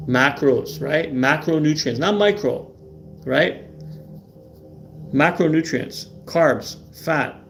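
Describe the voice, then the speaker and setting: Middle-aged male host, emphatic and repetitive, slightly raised pitch, live-stream talk. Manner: emphatic, repeats words, asks "right?" often. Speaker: livestream host.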